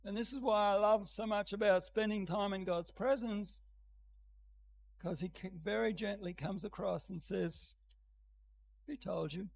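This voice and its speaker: An older man delivers a church sermon, his voice set high for a man and taking a slow, unhurried pace. He speaks gently, then lifts into an emphatic reading. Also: fairly even intonation, vocal fry, rough recording. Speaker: preacher.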